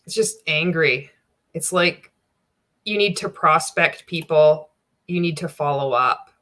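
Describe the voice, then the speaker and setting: A bright, sharp-toned woman gives casual commentary on a clip she is reacting to. She speaks bluntly, swears freely and breaks into wry laughs. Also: low voice, a little slow. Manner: candid, profane, wry, laughs often. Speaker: reaction video host.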